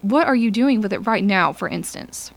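A woman's voice: medium pitch, expressive, normal speed, gravelly. A woman voicing a hesitant middle-aged male research director in an audiobook. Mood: pressing.

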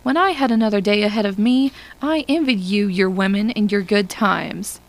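A woman's voice: medium pitch, moderate pace, lightly acted, poor audio. A woman voicing an anguished dying spaceman. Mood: bitter. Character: dying male spaceman, envious, bitter, anguished.

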